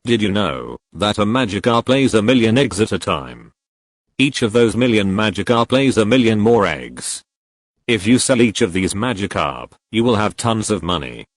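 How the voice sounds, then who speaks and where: A man's voice: fairly low pitch, big pitch swings, moderate pace, no room sound. A man doing a pushy con-man salesman. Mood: wheedling. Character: sly adult male con man salesman.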